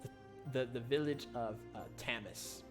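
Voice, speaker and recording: A man narrating a tabletop game as game master, slow and hesitant, with many fillers. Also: medium pitch, music in the background.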